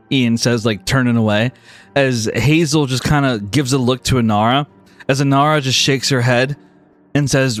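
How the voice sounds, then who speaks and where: A man narrating as game master of a tabletop game, animated and quick to laugh. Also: medium pitch, soft background music.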